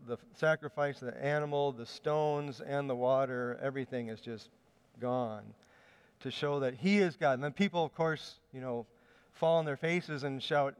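A man's voice: mid-range voice, smooth. A man giving a sermon, telling the story in a conversational way with small hesitations. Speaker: preacher. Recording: long hall reverb.

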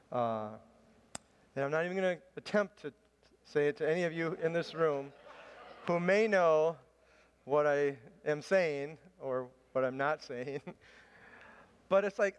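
A man's voice: on the high side, clear, resonant tone. Man preaching in a reverberant church hall. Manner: chatty, self-deprecating storytelling with laughs. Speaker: pastor. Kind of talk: sermon with personal story.

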